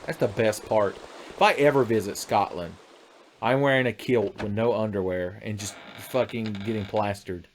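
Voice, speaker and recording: Casual American male streamer, lowish voice, loose crude humor talking to chat. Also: moderate pace, a little hiss or hum. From United States. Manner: crude, joking, talks to chat. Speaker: livestreamer. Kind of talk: casual gaming livestream chat.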